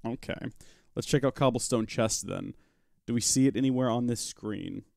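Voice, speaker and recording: A man with a medium-pitched, gravelly and slightly mellow voice speaks at a moderate pace, recorded dry with clean studio sound. He's a gaming livestream host doing live let's-play commentary on a Minecraft modpack, chatting casually with viewers as he plays. He's chatty and full of joking asides, talking both to chat and to his in-game pet rock.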